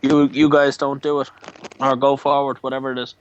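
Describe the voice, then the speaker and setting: A man's voice: mid-range voice, flat delivery, fairly quick, smooth, muffled recording. A man chatting with lots of swearing and teasing on a late-night phone-in show. He stumbles over repeated words after a lot of beer. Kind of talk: casual banter over a call. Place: abroad, time zone ahead of the other host.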